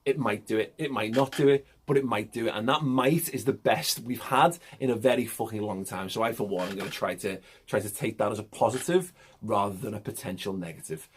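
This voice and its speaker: A man's voice: fairly low pitch, fairly quick, breathy edge. A man giving an impassioned, emphatic monologue as a football fan vlogger, swearing and repeating himself for emphasis. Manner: emphatic, swearing, repetitive pep talk.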